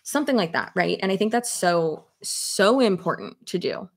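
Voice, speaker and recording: A young adult woman in casual commentary chat, talking to her audience, animated and swearing freely, with many fillers. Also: medium pitch, normal speed. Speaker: commentary YouTuber.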